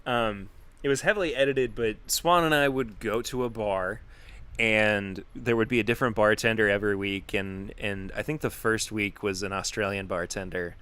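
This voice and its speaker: A man's voice: fairly low pitch, steady tone, normal speed, sharp tone, smooth. A man hosting a live-streamed podcast, chatting in a casual, upbeat way and thanking his viewers. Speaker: podcast host.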